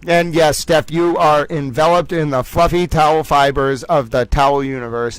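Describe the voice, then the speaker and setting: A man's voice: fairly high pitch, steady tone, a little slow, smooth, no room sound, poor audio. Playful man hosting a livestream chat. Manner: playful, rambling, jokey asides to chat. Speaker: livestream host. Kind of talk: casual chat reading viewer comments.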